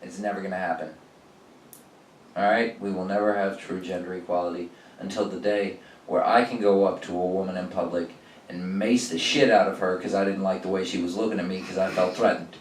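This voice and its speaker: A young adult man doing profane, animated stand-up storytelling and acting out the people in his stories. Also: low voice, brisk, a little hiss or hum. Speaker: stand-up comedian. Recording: roomy sound from a distance.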